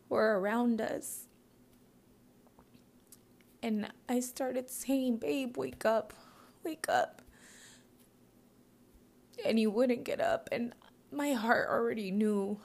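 A young woman telling a personal story in a halting way, full of fillers and often dropping into a whisper, tearful. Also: on the high side, vocal fry, dark tone. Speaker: mother recounting a loss.

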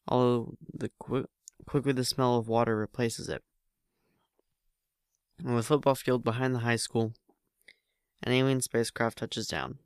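A man's voice: medium pitch, fairly bright tone, smooth, no echo, studio quality. A man narrating a story aloud in a plain reading voice, with frequent slips and restarts.

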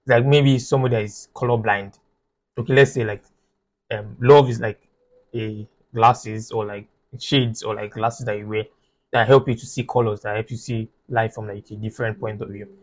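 A man's voice: lowish voice, steady tone, moderate pace, rough recording. A man talking as a podcast guest in casual chat. He is playful and jokey, and explains his ideas with loose comparisons.

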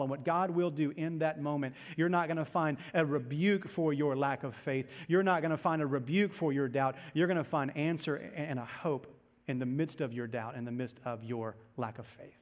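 In a church sanctuary, a male pastor preaches with mounting passion, repeating phrases for emphasis. His fairly high voice stays steady at a moderate pace, and the large room gives the recording a long reverb.

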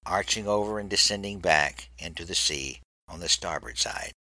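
Deep, bright-toned male narrator. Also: no echo, rough recording. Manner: steady, measured storytelling. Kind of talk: audiobook reading of a naval story.

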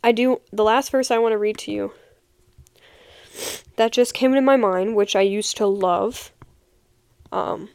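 A woman's voice: mid-range voice, fairly even intonation, measured pace, vocal fry, long pauses, darkish tone, clean tone, no echo, clean studio sound. A young woman and podcast host giving a heartfelt personal faith testimony, speaking earnestly and repeating key phrases for emphasis.

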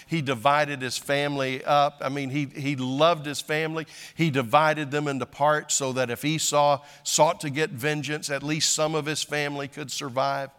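A man's voice: on the high side, a bit bright, in a large hall. An older man, a pastor, preaching a sermon in a conversational, self-deprecating way with frequent restarts.

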